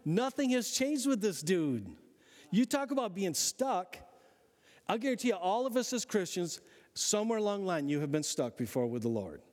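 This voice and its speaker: A man preaching as pastor, conversational and animated, tossing rhetorical questions at his listeners. His voice sits a little high for a man, with a long reverb trailing each phrase in the room. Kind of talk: sermon.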